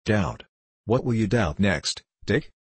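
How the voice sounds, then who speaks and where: A man voicing a scheming young man who presses his point in a slow, steady, insistent way. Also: fairly low pitch, slightly rough, no echo, full character voice.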